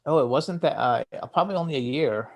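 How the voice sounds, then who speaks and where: A man's voice: medium pitch, a little fast, creaky. A man chatting in a casual interview, laughing often and rambling with lots of fillers. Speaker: radio show host, interviewee.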